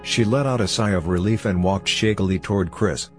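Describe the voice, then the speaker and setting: A man narrating a story in a steady, measured scripted reading. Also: low-pitched, faint music behind. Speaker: audiobook narrator.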